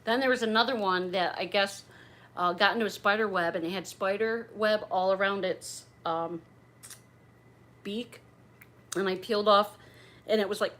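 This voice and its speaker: A woman's voice: medium pitch, normal speed, long pauses, fairly bright tone. A middle-aged woman chatting on a livestream as she opens gifts, gushing, bubbly and a little raunchy. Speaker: livestream host opening gifts.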